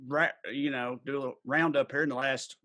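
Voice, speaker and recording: A man, in his thirties, chatting casually on a podcast at an ordinary pitch. He wanders through his story with plenty of fillers and restarts. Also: steady tone, a little fast, bright, forceful tone. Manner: rambling storyteller with many fillers. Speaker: podcast co-host. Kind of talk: casual chat.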